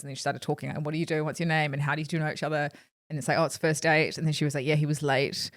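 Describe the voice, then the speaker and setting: Woman, podcast co-host, casual chat, fillers and quoted asides, lowish voice, dry close sound. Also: fast talker, a bit bright, dry recording. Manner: chatty, lots of "like", retells jokes with quoted voices.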